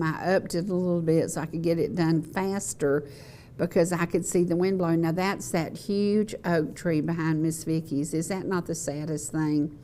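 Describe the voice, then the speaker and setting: A woman's voice: on the low side, a little mellow, a little hiss or hum. A middle-aged woman with a Southern US accent, hosting a local talk show in a folksy, chatty way, speaking to the camera. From North Georgia, US. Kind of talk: casual chat to camera. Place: local TV studio set.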